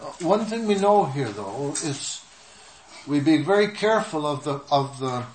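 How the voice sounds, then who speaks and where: A man preaching a sermon in short measured phrases, pausing so an interpreter can follow. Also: on the high side, big pitch swings, darkish tone. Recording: echoey room with faint noise.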